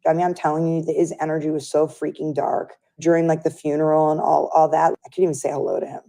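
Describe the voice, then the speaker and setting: Low, mellow woman telling a candid story. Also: quick pace, vocal fry. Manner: animated storyteller who acts out others' lines. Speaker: interview guest.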